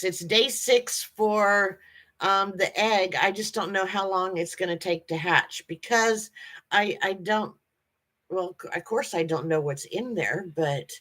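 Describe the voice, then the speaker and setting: Hosting a relaxed livestream, a woman cheerfully greets her viewers one by one by name. Her medium-pitched voice is bright and forward, and she speaks slowly, her chat halting and full of ums and restarts.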